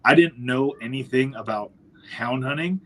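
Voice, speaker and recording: A man's voice: mid-range voice, normal speed, poor audio. A man from northwestern Ontario telling hunting stories in a casual podcast chat, acting out the voices of people he quotes. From northwestern Ontario, Canada. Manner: animated storyteller, acts out quoted voices. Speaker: podcast host.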